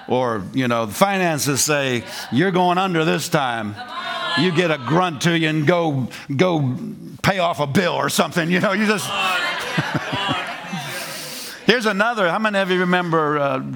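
A man preaching a lively sermon in a folksy way, laughing often and acting out voices. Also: fairly high pitch, vocal fry. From rural United States. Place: church. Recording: congregation responding.

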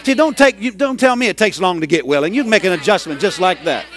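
A middle-aged man preaching a sermon, telling a story and rising into loud, excited hollering. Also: sits high, fast, soft background music. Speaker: pastor.

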